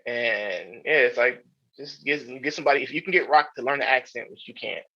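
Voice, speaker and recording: A man's voice: medium pitch, brisk, sharp tone. A man co-hosting a podcast, chatting casually with rambling, profane opinions and many restarts. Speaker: podcast co-host. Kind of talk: casual chat. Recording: dull lo-fi sound.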